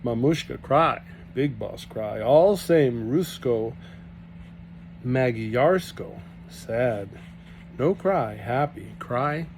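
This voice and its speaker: A man reading aloud, voicing a big cheerful Russian farmhand who speaks in loud, broken English. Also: medium pitch, animated, very slow, a little hiss or hum. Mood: hearty.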